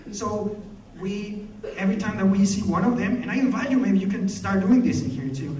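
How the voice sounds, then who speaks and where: A man's voice: high-pitched, brisk, mellow, a little hiss or hum. A man giving a passionate, storytelling speech at a conference. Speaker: conference speaker. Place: conference hall. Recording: echoey hall, mic from far off.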